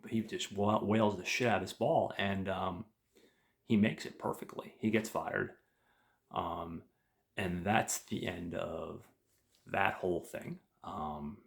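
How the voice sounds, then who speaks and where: A man's voice: sits low, vocal fry. A man host casually retelling a movie plot, rambling with many fillers. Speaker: podcast host.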